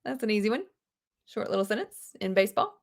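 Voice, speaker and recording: Lady teaching english over a video call, chatty and animated, gasps a lot. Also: medium pitch, vocal fry. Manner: animated, gasps and quick asides to students. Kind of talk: live online class teaching.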